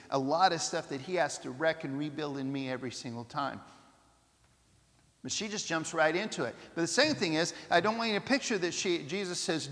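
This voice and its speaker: A man preaching a sermon in an animated way, acting out the voices of people he quotes. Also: high-pitched, long reverb tail.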